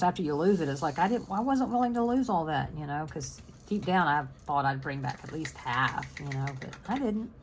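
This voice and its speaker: A woman's voice: low voice, a little mellow, slight background noise. A middle-aged woman, chatting casually and rambling to her channel's viewers. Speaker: crafting channel host.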